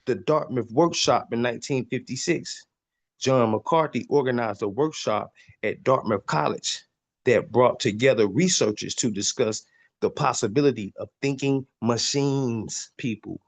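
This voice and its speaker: The host of a podcast speaks in a mid-range voice, delivering preachy teaching on spiritual subjects. He reads passages and repeats lines for emphasis, often stumbling over the repeats.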